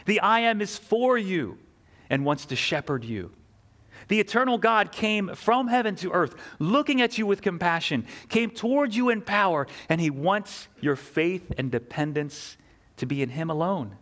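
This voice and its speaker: A man's voice: high voice, expressive, normal speed, fairly bright tone. A man preaching a sermon, earnest and emphatic, asking rhetorical questions and repeating key phrases. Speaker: pastor.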